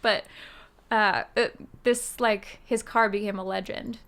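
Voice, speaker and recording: Taking it slowly, an American woman who streams music chats loosely with her viewers and responds to chat, using lots of "um"s and "like"s. Her medium-pitched voice holds a steady, fairly bright tone.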